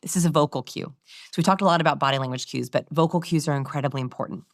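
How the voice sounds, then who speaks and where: A woman's voice: low-pitched, racing, dry recording, clean studio sound. A woman communication researcher being interviewed, explaining vocal habits with energy and demonstrations. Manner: animated, demonstrating vocal examples.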